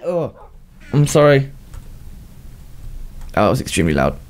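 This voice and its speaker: A man's voice: medium pitch, wildly swooping pitch, takes it slowly. A young man, chatting casually as he plays, talking to his pets and laughing often, sounding a bit unwell. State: slightly unwell, coughing. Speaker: gaming YouTuber. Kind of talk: casual game commentary.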